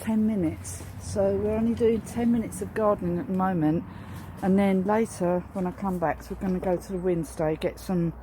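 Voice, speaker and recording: A woman's voice: medium pitch, mellow. A woman chatting casually in a garden vlog while she stands outdoors. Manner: chatty, rambling. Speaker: vlogger.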